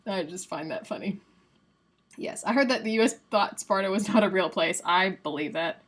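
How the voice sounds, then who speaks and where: A woman's voice: mid-range voice, normal speed. A woman from the United States hosting a livestream in a chatty, casual way, reading quiz answers aloud and laughing often. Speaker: livestream host.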